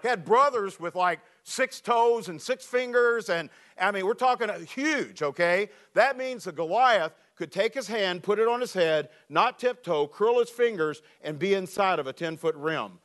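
A man's voice: high-pitched, normal speed, few pauses. A man preaching a sermon, telling jokey stories and reading scripture in a slightly weak voice. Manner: animated, jokey storytelling. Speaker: pastor.

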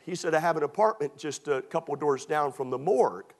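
Preacher, man, folksy and funny, slightly high voice, acts out both sides of a conversation. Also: animated, fairly quick, darkish tone. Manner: folksy, humorous, acts out dialogue. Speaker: pastor. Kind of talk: storytelling sermon.

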